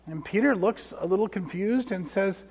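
A male pastor preaching a sermon in a church, telling the story conversationally and dropping to hushed tones for emphasis. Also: high-pitched, moderate pace, breathy edge. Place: church sanctuary. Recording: long church reverb.

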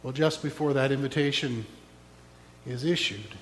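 A man's voice: medium pitch, moderate pace, a bit bright, big-room sound, a little hiss or hum. A man preaching a sermon as pastor, reflective with wry asides.

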